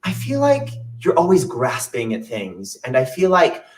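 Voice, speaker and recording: A man's voice: medium pitch, huge pitch swings, measured pace, a little mellow, recorded from a distance. A young man telling a funny personal story on stage in a chatty, self-mocking way. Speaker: solo stage performer. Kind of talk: storytelling monologue with songs.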